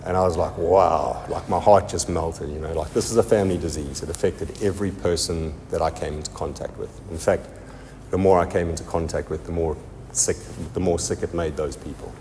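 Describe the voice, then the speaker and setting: A man telling his recovery story in a halting, heartfelt testimony full of pauses and restarts. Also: low voice, steady tone, a little mellow, long reverb tail, slight background noise. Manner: halting, many ums and restarts. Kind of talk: personal testimony.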